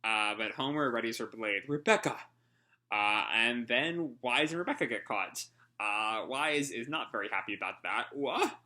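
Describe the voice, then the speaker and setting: A man's voice: medium pitch, moderate pace, bright, forceful tone. A man casually reading a manga chapter aloud and commenting, rambling with many ums and uhs, swearing freely and laughing along. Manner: laughs through his commentary. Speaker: manga reaction host.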